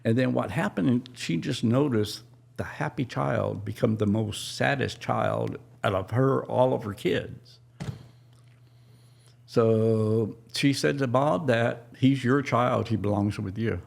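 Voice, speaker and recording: Slow, gravelly middle-aged man telling a story. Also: mid-range voice, a little mellow. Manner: halting, emotional retelling with restarts. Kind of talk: personal storytelling on a podcast.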